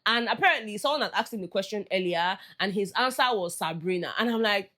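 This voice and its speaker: A woman's voice: medium pitch, animated, fast talker, hardly any pauses, sharp tone. A woman with a Nigerian accent chatting through a reality show recap, slipping into Pidgin phrases as she goes. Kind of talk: casual commentary.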